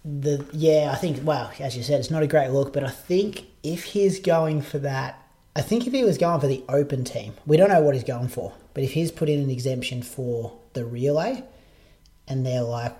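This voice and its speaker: A man's voice: medium pitch, animated, normal speed, mellow. A man co-hosting a podcast, chatting casually and agreeably. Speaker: podcast co-host. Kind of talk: casual chat about running.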